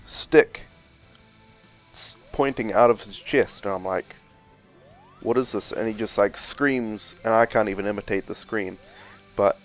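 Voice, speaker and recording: A man commentating a let's play, telling a rambling story full of "like" and "um". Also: lowish voice. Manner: loose, filler-heavy storytelling with lots of "like" and "um". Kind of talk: rambling dream story told over gameplay.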